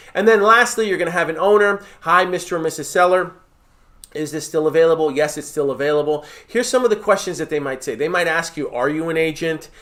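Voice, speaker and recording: A man's voice: on the high side, a bit bright. A man giving direct, emphatic coaching advice as a real estate mentor, often checking in with "right?" and "okay?". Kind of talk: coaching talk to camera.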